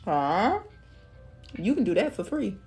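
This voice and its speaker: A woman's voice: mid-range voice, very animated, slow pace, darkish tone, soft background music. Chatty woman giving a live tarot reading. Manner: casual, chatty, laughs often, calls listeners love and queen. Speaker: tarot reader.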